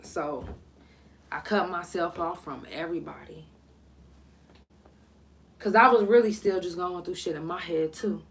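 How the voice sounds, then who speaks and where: A woman's voice: lowish voice, measured pace, pauses often. A woman podcast host telling a personal story in a candid, blunt, emotional way.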